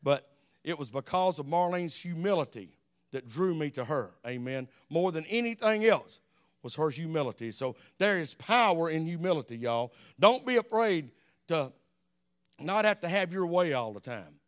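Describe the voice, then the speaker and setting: A man's voice: on the high side, normal speed. An older man with an Alabama accent, preaching a folksy sermon, telling stories and dropping amens. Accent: Southern US, Alabama. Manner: folksy, repeats amen, animated storytelling.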